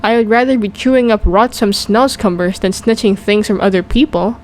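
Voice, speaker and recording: A woman doing a gentle, kindly giant. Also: medium pitch, moderate pace, a little hiss or hum, close to an everyday voice. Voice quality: jumbled, mangled grammar and made-up words. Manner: earnest, eager to please. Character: big friendly male giant, gentle and kindly.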